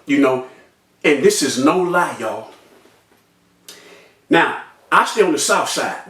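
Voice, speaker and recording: A young man telling a personal story in an animated way, acting out voices and sound effects with street slang. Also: a little high, slow pace, distant mic. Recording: echoey room, off-mic.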